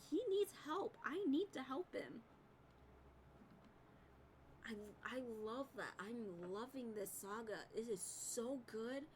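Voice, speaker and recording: A woman's voice: a little high, slight background noise, rough recording. Enthusiastic young woman reacting. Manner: enthusiastic, rambling, casual swearing. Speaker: reaction video host. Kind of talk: casual chat.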